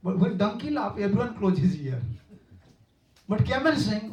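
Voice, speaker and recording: High-voiced man preaching in a roomy hall. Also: very animated, darkish tone. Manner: halting, searching for words with repeated restarts and fillers; storytelling with chuckles. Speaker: monk preaching to devotees. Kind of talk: sermon. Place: lecture room. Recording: roomy, distant and dull-sounding room recording.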